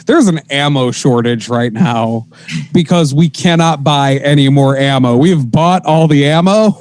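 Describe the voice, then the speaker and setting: A man's voice: medium pitch, a little slow, darkish tone, low-quality recording. A man co-hosting a comedy podcast, riffing loosely and swearing often as he acts out little voices. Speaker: podcast co-host. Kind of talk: casual comedic banter.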